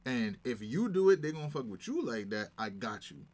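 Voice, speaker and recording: Animated man telling stories. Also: mid-range voice, brisk. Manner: animated, emphatic storytelling. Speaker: guest. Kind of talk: casual chat.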